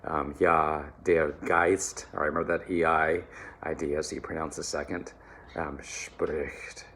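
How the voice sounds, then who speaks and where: A man teaching German pronunciation to singers, relaxed and encouraging, often checking in with "all right?" and slowly modeling words. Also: very deep voice, slight background noise. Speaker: choir diction coach. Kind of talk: German diction lesson for singers.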